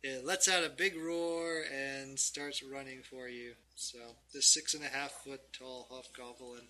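A man's voice: medium pitch, steady tone, measured pace, bright, forceful tone. A man narrating a tabletop game as game master, often laughing as he goes.

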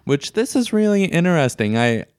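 A man's voice: on the high side, very animated, normal speed, clean tone, dry recording, clean studio sound. A man co-hosting a podcast in casual chat, curious and jokey, asking questions to follow along. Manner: curious, jokey, laughs often, asks clarifying questions. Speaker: podcast co-host.

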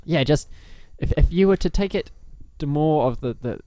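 A man's voice: fairly high pitch, animated, normal speed, mellow, dry recording. A man co-hosting a film podcast, chatting casually and rambling with many restarts. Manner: rambling, restarts, laughs often. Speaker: podcast co-host. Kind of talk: casual chat.

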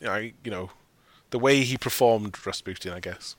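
A man with a fairly low voice hosts a casual film discussion at a moderate pace, rambling and frequently correcting himself as he argues his opinions. The recording has no room sound.

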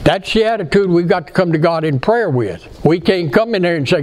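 A man's voice: high-pitched, animated, fairly quick, a little mellow. Folksy preacher man. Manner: folksy, earnest, asks congregation call-and-response questions. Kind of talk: sermon. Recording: faint background noise.

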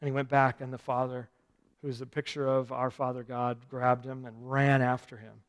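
A man preaching a sermon as pastor, swinging from loud urgent passages to quiet, intimate ones. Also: mid-range voice, flat delivery, normal speed. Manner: impassioned preaching with wide swings from loud to soft. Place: church sanctuary. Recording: long reverb of a large hall.

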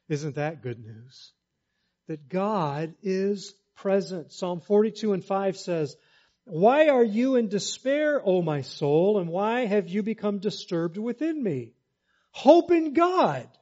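Man preaching, high voice, slow deliberate delivery, emphatic repetition, dull lo-fi sound. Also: a little mellow. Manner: emphatic, repeats key phrases, leads congregation call-and-response. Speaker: pastor. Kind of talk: sermon.

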